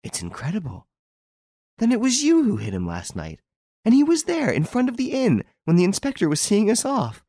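A man reading an audiobook, voicing an astonished young woman in high, breathless exclamations. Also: very animated, normal speed, a little mellow, no room sound, clean studio sound.

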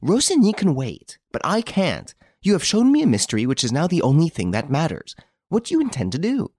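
A man reading aloud and voicing an anxious, impulsive young woman who talks in an excitable, insistent way. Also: extremely low pitch, moderate pace, breathy edge, no echo, studio quality, heavily acted.

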